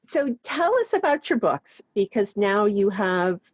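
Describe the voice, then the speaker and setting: A woman's voice: mid-range voice, sing-song, unhurried, breathy edge, no room sound. Woman host on a dull, dry line. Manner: affirming, encouraging replies. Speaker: podcast host. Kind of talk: interview podcast.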